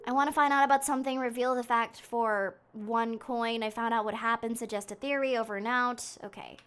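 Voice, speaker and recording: A woman streaming a mystery game, chatting excitably and thinking out loud as she investigates. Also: a little high, brisk, clear, resonant tone. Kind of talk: live game commentary.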